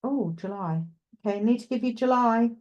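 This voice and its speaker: A woman's voice: a little high, normal speed, a little mellow, dull audio. A woman with a Welsh accent presenting live psychic readings, talking reassuringly and chattily to a caller.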